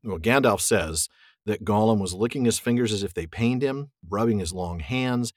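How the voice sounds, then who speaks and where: A man's voice: fairly low pitch, normal speed, no echo, studio quality. A man co-hosting a podcast, talking casually and enthusiastically about a book and reading passages aloud. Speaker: podcast co-host.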